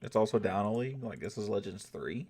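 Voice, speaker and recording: A young man with a fairly low voice talks his way through a strategy game for his chat. He thinks aloud and swears when irritated. A faint hiss sits under the recording. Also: lively intonation, fairly quick, darkish tone. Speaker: streamer. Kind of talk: casual gameplay commentary to chat.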